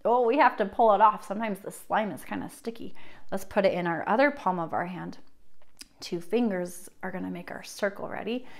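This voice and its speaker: A young woman teaching a children's music class, talking in a sing-song, animated way with gasps and playful prompts, and singing short rhymes. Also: medium pitch, fairly quick, gravelly. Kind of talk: kids' music lesson with songs.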